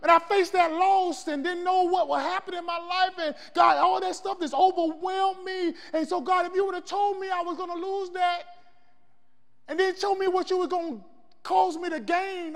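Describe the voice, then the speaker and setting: High-voiced preacher man in a reverberant hall. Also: fairly even intonation, normal speed. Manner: call-and-response preaching, swings from shouting to hushed. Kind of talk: sermon.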